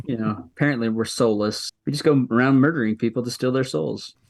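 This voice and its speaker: A middle-aged man talks casually as a guest on a podcast, easygoing and joking. His voice sits at an ordinary pitch. The sound is dry and close, with no room around it. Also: a little fast, creaky, no room sound. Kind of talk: casual chat.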